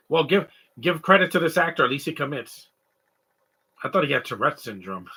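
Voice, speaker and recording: Bright, husky-voiced man rambling on a stream. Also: medium pitch, fairly quick. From Canada. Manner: rambling, animated, mimics stutters and sobbing noises. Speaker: live stream co-host. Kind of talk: casual comedic chat.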